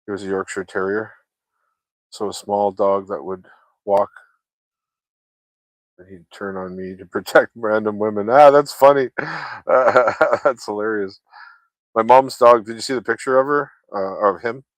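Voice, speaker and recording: A man with a fairly low voice talks loosely to his viewers, drifting from one story to the next and swearing often. The sound is dry and close, with no room around it. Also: steady tone, unhurried, pauses often, no room sound. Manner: loose, chatty, swears freely, laughs often. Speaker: vlogger chatting with viewers. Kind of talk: casual rambling chat.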